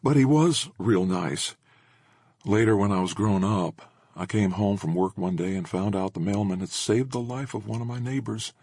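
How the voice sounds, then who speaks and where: A man's voice: on the low side, normal speed, darkish tone, slightly rough, dry recording, studio quality, pitched above the performer's own voice. A man voicing a middle-aged woman telling a wistful memory in an audiobook. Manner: wistful storytelling. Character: kindly middle-aged woman with a lined face.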